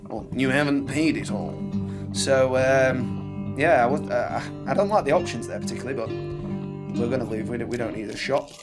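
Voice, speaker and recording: A man's voice: mid-range voice, brisk. Guy rambling through a card game, mid voice, game music blaring behind. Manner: chatty and rambling, with dry asides. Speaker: let's play host. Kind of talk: casual game commentary and reading game text aloud. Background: loud game music.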